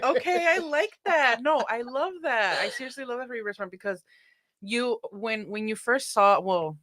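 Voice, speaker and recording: A woman's voice: on the high side, lively intonation, moderate pace, dry recording, studio quality. A young woman co-hosting a casual wrestling podcast, talking as an emotional fan. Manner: warm, emotional fan, laughs easily. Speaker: podcast co-host.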